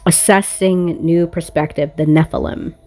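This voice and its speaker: A woman's voice: sits low, steady tone, moderate pace, dark tone, faint music behind. A woman reading tarot cards in a casual monologue recorded on a phone, blunt, profane and confrontational. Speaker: tarot reader.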